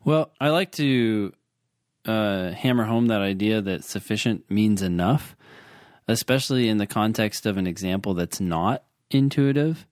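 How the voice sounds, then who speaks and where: Male tutor, low voice, patient and repetitive, dry recording. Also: lively intonation, unhurried, a little mellow, no echo. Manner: explains patiently with examples, repeats points. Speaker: LSAT tutor. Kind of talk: casual teaching chat.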